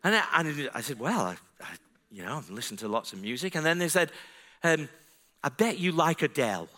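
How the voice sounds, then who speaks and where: A man's voice: a little high, big pitch swings, a little fast, bright, forceful tone. A man preaching a sermon as a pastor, telling a story in a chatty, self-deprecating way and building to fervent emphasis.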